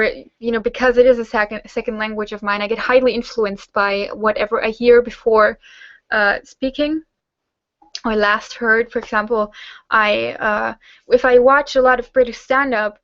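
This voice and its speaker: A woman's voice: on the high side, fairly even intonation, moderate pace, a bit bright, no echo, muffled recording. A young German woman hosting a casual Q&A hangout, chatting with lots of fillers and restarts. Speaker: host; teacher-training student.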